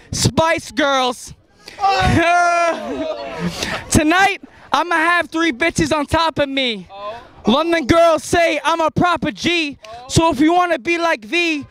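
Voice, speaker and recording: High-voiced New man freestyling. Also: fairly bright tone. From New York. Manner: boastful, rhyming, laughing between bars. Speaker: rapper. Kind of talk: street freestyle rap. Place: street corner at night, outdoors.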